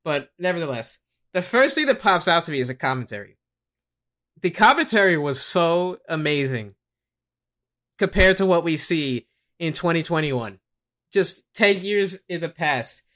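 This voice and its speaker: A man hosting a wrestling podcast in casual chat, animated and laughing often as he acts out quotes. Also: fairly high pitch, moderate pace. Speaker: podcast host.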